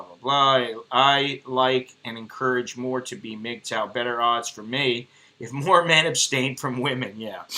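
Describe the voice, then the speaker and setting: A man's voice: medium pitch, bright, forceful tone. An American man ranting bluntly and profanely in a casual vlog monologue. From United States. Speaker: expat vlogger.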